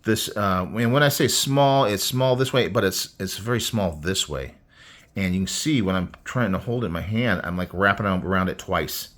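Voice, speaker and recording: A man's voice: deep voice, normal speed, a bit bright. A man chatting casually about knives and stickers in a rambling unboxing vlog, full of fillers and restarts. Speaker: knife collector vlogger.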